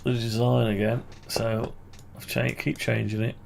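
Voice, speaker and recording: A man with a deeply gravelly, creaky voice talks slowly and unhurriedly, thinking aloud through an amateur radio antenna project at his computer. He rambles and corrects himself mid-sentence, with a faint hum of noise behind him. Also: flat delivery. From United Kingdom. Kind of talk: casual screen-share walkthrough.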